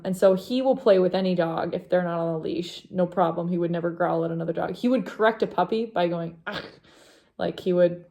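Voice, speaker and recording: A woman's voice: fairly low pitch, dark tone. A young woman hosting a knitting vlog, chatting casually to camera in a rambling way, with many fillers and asides to her dog.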